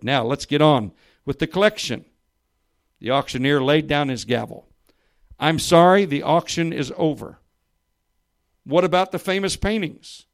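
Man preaching, reading a story aloud. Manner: reads quoted voices louder and higher, drops soft and low for emphasis. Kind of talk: sermon with a read-aloud story. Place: church or meeting room with listeners.

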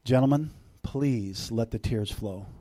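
A middle-aged man preaching a sermon as a visiting preacher to a church congregation, animated, swinging between loud bursts and hushed, intimate passages, with joking asides. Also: medium pitch, unhurried.

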